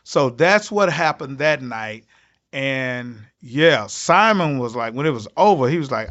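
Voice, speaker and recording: Animated, gravelly male comedian storyteller. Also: moderate pace. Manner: acts out other people's lines with big pitch jumps. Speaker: comedian guest. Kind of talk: animated storytelling in a podcast interview. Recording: slightly dull lo-fi audio.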